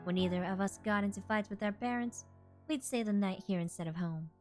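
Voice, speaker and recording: A woman's voice: mid-range voice, a little fast, faint music behind. A woman streamer chatting casually and reading game narration aloud, laughing and playfully exasperated.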